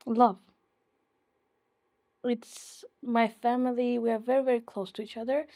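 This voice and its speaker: Young Ukrainian-born woman, emotional and halting, somewhat high voice. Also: little pitch movement, warm tone. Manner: emotional, halting, laughs often. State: teary. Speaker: interviewee. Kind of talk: personal interview.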